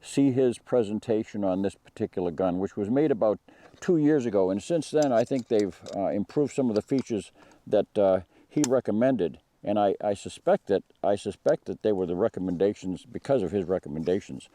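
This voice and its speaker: A man's voice: fairly low pitch, animated, normal speed, mellow. A man hosting a firearms channel, talking through a rifle review in a rambling way with many fillers and restarts. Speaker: gun channel host. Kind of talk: casual spoken product review.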